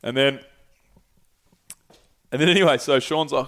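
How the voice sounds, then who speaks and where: Young male podcaster, smooth clear voice, rambling and sweary storytelling. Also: mid-range voice, measured pace, long pauses. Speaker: podcast host. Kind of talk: casual solo storytelling.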